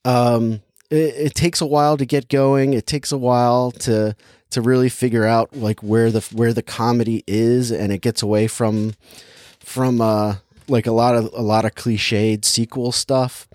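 A man's voice: mid-range voice, fairly even intonation, unhurried, a little mellow, dry recording, studio quality. A young man casually chatting and reviewing a movie, rambling with lots of filler words and laughing easily. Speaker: podcast co-host reviewing a movie. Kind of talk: casual chat.

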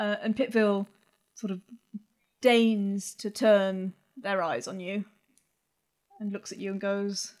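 A woman's voice: mid-range voice, little pitch movement, slow pace, pauses often, a little mellow. A woman narrating as game master in a tabletop game, casual and hesitant. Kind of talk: tabletop role-play narration.

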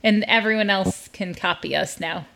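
A woman hosting a casual chat, chatty and quick to joke and laugh. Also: mid-range voice, creaky, over a noisy crowd, rough recording. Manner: chatty, laughs easily, joking.

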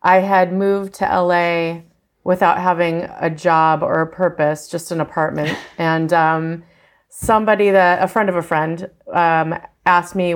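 Gravelly Midwestern American woman. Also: fairly low pitch, moderate pace. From Fargo, USA. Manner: relaxed, self-deprecating, laughs easily. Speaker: casting director, guest. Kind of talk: interview answers.

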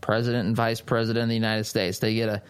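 A man's voice: lowish voice, level tone, fast talker, clear, resonant tone. A man hosting a political talk show, giving an emphatic, sarcastic commentary monologue and speaking straight to his listeners.

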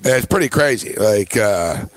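A man co-hosting a casual sports talk show, telling a story with excited, laughing play-by-play. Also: on the low side, normal speed, low-quality recording. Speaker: sports radio co-host.

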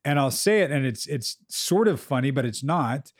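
A man co-hosting a podcast as a therapist, talking candidly in a relaxed chat and acting out quotes from clients. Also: mid-range voice, normal speed, husky, no room sound, studio quality. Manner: candid, swears freely, acts out client quotes.

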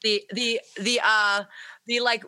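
A woman's voice: fairly high pitch, little pitch movement, takes it slowly, pushed and bright. A woman from the United States, a musician being interviewed remotely, talking casually with lots of fillers and frequent laughter. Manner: chatty, laughs often, many fillers. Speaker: musician guest.

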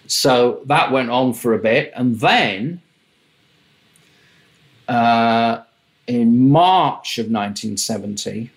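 An older man spins wry, lively tales from his years in the music business. He slips into other people's voices as he quotes them, with the easy pacing of an interview guest. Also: medium pitch, slow, pauses often. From England. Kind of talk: anecdotal interview storytelling.

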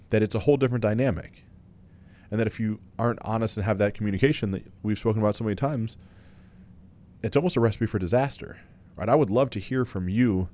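A man's voice: medium pitch, mellow. A man co-hosting a podcast with his wife, talking bluntly and casually, owning his faults and swearing now and then. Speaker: podcast co-host.

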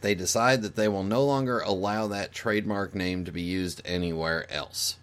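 A man's voice: low-pitched, moderate pace, a bit bright. A man speaking as a guest on a podcast, giving his opinion in a casual, explanatory way and thinking aloud with fillers and restarts.

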